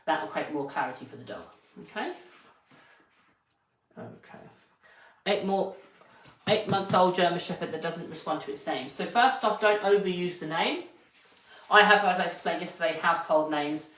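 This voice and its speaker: A man's voice: on the high side, a bit bright. A man, a dog trainer, explaining his methods in a live-streamed training session and stopping to praise a puppy. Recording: roomy, distant from the mic, faint noise.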